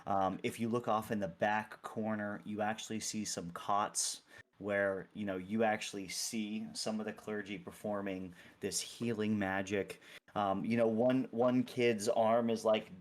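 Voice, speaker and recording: Dude running a tabletop game, lowish voice, stumbles over words a lot, laughs easy. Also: male voice, steady tone, a little slow. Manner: hesitant, many restarts, laughs easily. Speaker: game master.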